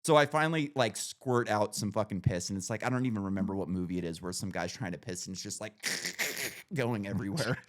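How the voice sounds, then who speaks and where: A man hosting a podcast, telling a long profane story in casual chat with lots of animated rises. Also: fairly low pitch, a little fast, background noise. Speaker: podcast host.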